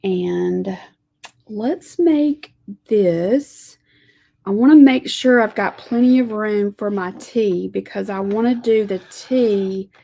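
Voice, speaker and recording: A woman teaching a live lettering lesson, talking gently to viewers as she draws and reads scripture. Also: medium pitch, vocal fry, a little hiss or hum. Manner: slow, gentle, talks to viewers while drawing.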